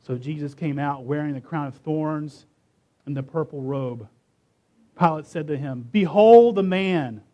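A man preaching a sermon, reading scripture dramatically and emphatically, slowing and stressing key words. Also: on the high side, fairly even intonation.

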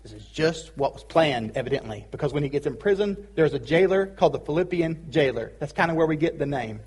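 A male pastor delivering a sermon in a casual, joking way. His voice sits high and has a husky edge. He keeps the teaching light with playful asides. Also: animated, a little fast, a little mellow. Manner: casual, joking preacher with pop-culture asides.

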